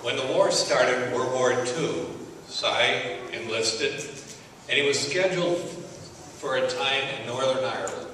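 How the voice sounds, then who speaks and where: An older man giving a speech at an awards ceremony, telling a story with gentle humor. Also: mid-range voice, takes it slowly. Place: large hall at an awards banquet. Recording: echoey hall, distant mic, faint noise.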